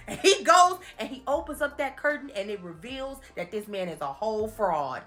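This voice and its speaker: A woman recapping movies in a playful, animated comedic commentary, laughing often and slipping into quick impressions. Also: mid-range voice, faint music behind. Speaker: commentary host.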